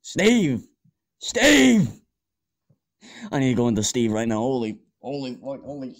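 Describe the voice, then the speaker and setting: A man's voice: mid-range voice, steady tone, fast, dark tone, lightly acted. A young man playing a panicky amateur scientist in an amateur audio drama, stammering and swearing as he talks. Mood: panicked.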